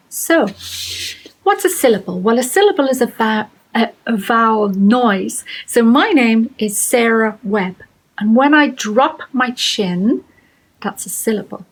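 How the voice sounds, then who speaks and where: Poor audio captures a middle-aged Irish woman with a medium-pitched, slightly rough voice. As a children's writing workshop presenter, she asks encouraging questions and reads short poems aloud.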